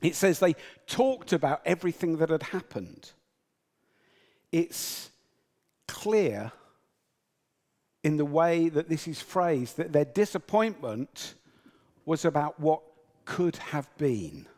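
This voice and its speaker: A man from Britain gives a sermon and retells a Bible story with flair. His pitch rises and falls a great deal. He speaks slowly, with deliberate pauses. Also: long reverb tail. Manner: storytelling, animated, acts out quotes. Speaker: preacher.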